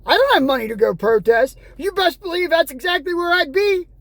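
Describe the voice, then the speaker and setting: A high-pitched woman from the United States vents in an angry vlog rant, sarcastic and exasperated. Her voice sits close and dry. Now and then she reads news headlines aloud. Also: expressive, fairly quick, gravelly, fairly bright tone, no echo. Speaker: vlogger.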